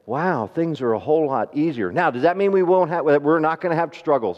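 A preacher with a fairly high voice delivers a sermon, talking with his congregation and asking them questions. He swings between emphatic peaks and soft, slow stretches. The recording is dull, with a long reverb from the church hall. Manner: rising to emphatic, then drops to soft and slow; conversational, asks the congregation questions.

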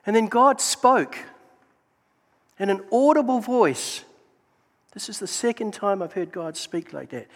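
A man telling faith stories in a church testimony talk, animated and exclaiming praise. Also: sits high, a little slow, long pauses. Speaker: Gideons member giving testimony. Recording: long hall reverb.

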